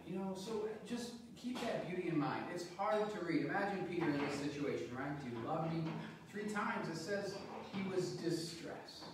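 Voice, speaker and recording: A man preaching at Mass in a large church, conversational and halting, often repeating a word before moving on. His slightly high voice is picked up from a distance. The sound is very echoey, with a faint hiss underneath. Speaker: priest. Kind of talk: gospel reading and homily at Mass.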